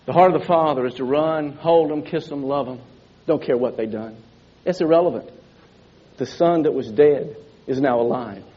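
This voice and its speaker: Husky-voiced male preacher. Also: fairly high pitch, normal speed. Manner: emphatic, rhetorical questions, repetitive. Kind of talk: sermon. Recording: dull lo-fi sermon recording.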